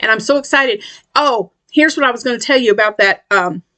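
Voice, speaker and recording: A woman's voice: a little high, expressive, a little fast, bright, forceful tone. A middle-aged woman from West Tennessee, chatting casually about her crochet projects and rambling with lots of ums and restarts. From West Tennessee, USA. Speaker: crochet channel host. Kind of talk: casual craft vlog chat.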